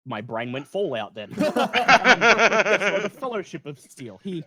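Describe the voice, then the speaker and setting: A man running a tabletop game, narrating scenes in a slightly high voice. He describes each moment plainly and now and then trips over a word before pressing on. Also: very animated, a little slow, pushed and bright. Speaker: game master.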